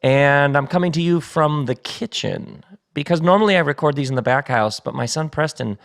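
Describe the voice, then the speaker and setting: A man's voice: a little high, moderate pace, vocal fry. A middle-aged man hosting a casual solo podcast from his kitchen table, chatty and playful, laughing easily. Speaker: podcast host. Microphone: studio mic set up at the table.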